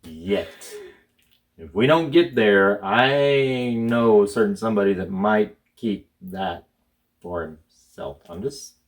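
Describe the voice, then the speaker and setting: A man co-hosting a casual comics chat with his wife, joking and quick with apologetic asides. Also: on the low side. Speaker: co-host.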